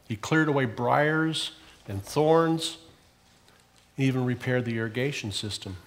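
A male pastor preaching a sermon in a church, telling a story and pressing hard on key phrases before dropping low at the ends. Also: measured pace.

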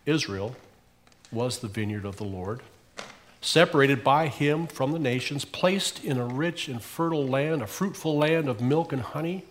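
Male pastor, church sermon, swells and falls, story-led. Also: slight background noise. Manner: storytelling preacher, swelling louder on key phrases and dropping low at ends.

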